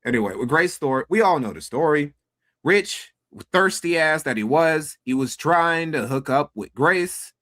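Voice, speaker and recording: A man's voice: fairly high pitch, expressive, a little slow, fairly bright tone. A man chatting on a stream in a crude, mocking, offhand way. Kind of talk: casual stream commentary.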